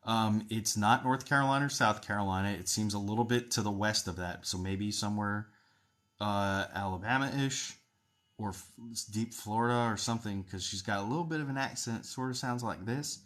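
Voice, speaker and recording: A man hosting a live stream as a psychic medium, chatting with viewers, thanking them and describing what he senses in a steady, explanatory way. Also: on the low side, normal speed. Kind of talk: casual live-stream chat with readings.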